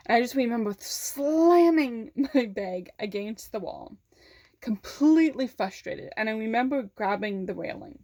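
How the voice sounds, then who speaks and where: A woman vlogger telling a personal story in a candid, halting way, swearing freely and holding back tears. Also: mid-range voice, darkish tone.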